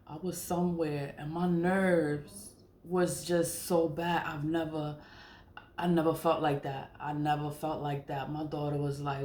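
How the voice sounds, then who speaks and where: A middle-aged woman with a low voice speaks casually to camera, blunt and profane and laughing often. The room is echoey, with a faint hiss behind her. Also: fairly even intonation, measured pace. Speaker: spiritual vlogger. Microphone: camera mic.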